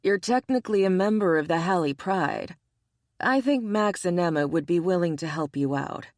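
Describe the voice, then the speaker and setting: A woman's voice: lowish voice, normal speed, darkish tone, dry recording, studio quality, close to an everyday voice. A woman voicing a big, persistent, playful male bear shifter in an audiobook romance, cheerful and coaxing.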